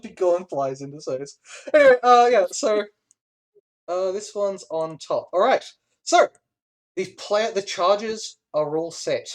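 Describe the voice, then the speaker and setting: A game master narrating a tabletop game at a middling pitch. The narration is lively, broken up by laughs, fillers and restarts. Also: slow pace.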